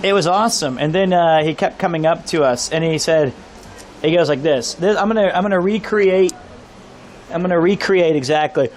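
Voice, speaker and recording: Excitable streamer man from Kansas. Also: a little high, normal speed, a little hiss or hum. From Kansas, USA. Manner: excitable, swears freely, animated storyteller. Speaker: IRL streamer. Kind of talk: casual live stream storytelling. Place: outdoors on a town street by a pub.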